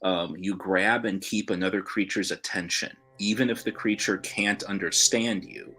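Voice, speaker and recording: A man's voice: deep voice, fairly even intonation, normal speed, bright, forceful tone, breathy edge. A man playing a tabletop game, thoughtfully explaining his character's actions and the rules. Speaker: player.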